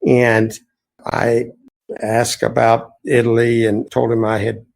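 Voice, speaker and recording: Male innkeeper guest, gravelly voice, earnest and reflective. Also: medium pitch, completely flat delivery, takes it slowly, darkish tone, rough recording. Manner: earnest, reflective, rambling anecdotes. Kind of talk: storytelling interview answers.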